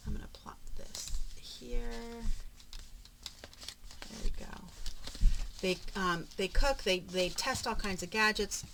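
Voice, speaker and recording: A woman vlogging as she flips through her craft journal, chatting in a rambling, talkative way with frequent soft murmured asides. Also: medium pitch, slow, vocal fry, long pauses, noisy background. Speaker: papercraft vlogger. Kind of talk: casual chatty narration during a journal flip-through.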